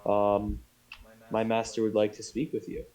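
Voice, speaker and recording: A man's voice: on the low side, steady tone, unhurried, a little mellow, natural voice. A man voicing a polite, formal male servant who speaks a little hesitantly. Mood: courteous.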